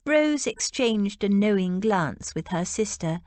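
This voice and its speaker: A woman narrating an audiobook in an expressive, measured way. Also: medium pitch, no echo.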